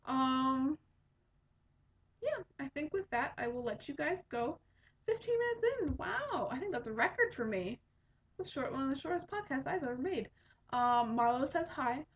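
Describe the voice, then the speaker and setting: A woman's voice: high voice, big pitch swings, moderate pace. A woman in her twenties hosting a podcast, chatting in a rambling way with lots of ums. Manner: rambling, chatty, many fillers. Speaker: podcast host. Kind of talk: casual chat. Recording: dull lo-fi home recording.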